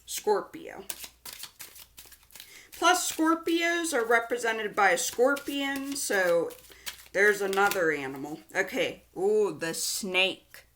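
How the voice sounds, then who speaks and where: A woman's voice: medium pitch, slow, a bit bright, a little hiss or hum. A young woman giving a casual tarot card reading, chatty and giggly, with lots of likes and ums. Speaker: tarot reader.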